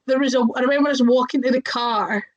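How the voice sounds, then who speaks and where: A woman's voice: high-pitched, fairly even intonation, fast talker, lo-fi sound. A young woman, a wrestler, telling stories casually in an interview, chatty, with lots of fillers and voices acted out.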